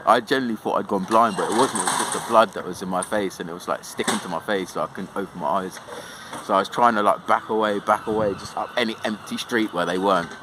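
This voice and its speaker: A man's voice: fairly low pitch, fast talker, background noise. A young man telling a rambling, sweary storytime in a casual way, full of fillers.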